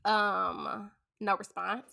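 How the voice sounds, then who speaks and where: A woman from St. Louis, a podcast guest and beauty business owner, telling a story in a chatty, animated way. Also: medium pitch, extremely slow, vocal fry. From St. Louis, USA. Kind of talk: casual storytelling.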